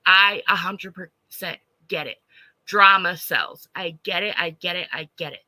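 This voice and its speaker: A woman's voice: lowish voice, moderate pace, bright, forceful tone, dry recording, low-quality recording. A woman ranting on a livestream, blunt and profane, stopping to answer chat. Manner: blunt and profane, heated, reads chat aloud. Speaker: livestreamer reacting to online drama.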